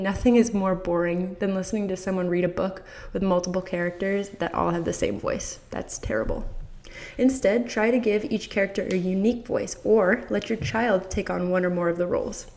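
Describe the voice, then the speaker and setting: A woman's voice: mid-range voice, a little mellow. A woman hosting a podcast who gives parents enthusiastic, encouraging advice and speaks straight to the listener. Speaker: podcast host.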